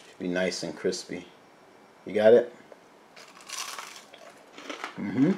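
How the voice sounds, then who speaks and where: A man with a fairly low voice talks his way through a home cooking vlog. He chats to the viewers as "guys" and drops to a mumble while he works the food, with a faint hiss of noise underneath. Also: takes it slowly. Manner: quiet and mumbled while cooking, louder when addressing viewers. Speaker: cooking video host. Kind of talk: casual cooking vlog chat.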